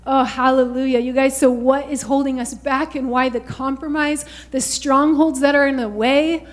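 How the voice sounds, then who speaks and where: High voiced woman preaching, fervent, keeps saying you guys and hallelujah. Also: fairly even intonation, moderate pace. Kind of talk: sermon.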